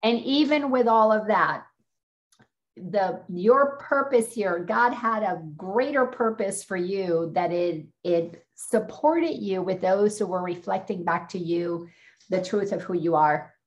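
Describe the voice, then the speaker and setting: A woman hosting a spiritual workshop on a video call, affirming and gently teaching the person she is talking to. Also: mid-range voice, slow pace, lo-fi sound.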